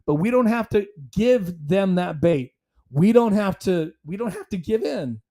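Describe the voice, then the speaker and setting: A man's voice: high voice, lively intonation, measured pace, warm tone. A man hosting a solo commentary podcast, talking emphatically in a rambling, conversational way. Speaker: podcast host.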